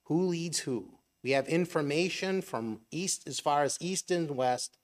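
Speaking unhurriedly in a voice on the high side, a middle-aged preacher gives a sermon in a conversational style. He asks rhetorical questions and slips briefly into imagined voices.

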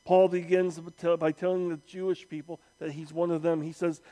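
A man preaching a sermon, slow and emphatic, with dramatic pauses and acted-out quotes. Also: on the high side, little pitch movement, warm tone.

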